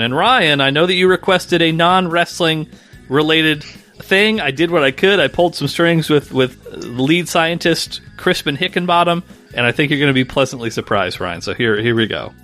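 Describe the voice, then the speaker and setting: A man's voice: on the high side, moderate pace, sharp tone, soft background music. A man hosting a podcast in casual chat, teasing and playful with his co-host. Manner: teasing, playful, swears freely.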